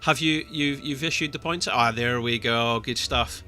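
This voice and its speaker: A young man casting a live esports match, chatty and excitable, laughing often. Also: mid-range voice, moderate pace, faint music behind. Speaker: esports caster.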